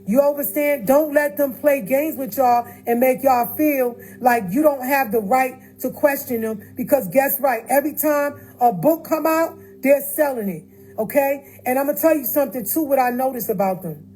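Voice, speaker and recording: Here a livestream host talks straight to viewers from her phone, casual but emphatic, circling back to repeat her points. She has a high, darkish voice at a measured pace, with faint music behind her and a low-quality recording.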